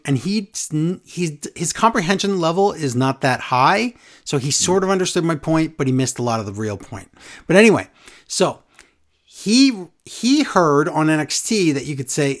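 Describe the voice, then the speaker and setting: Ranting man on a wrestling podcast. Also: on the high side. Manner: ranting, mocking with sing-song impressions. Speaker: podcast co-host. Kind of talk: casual wrestling chat.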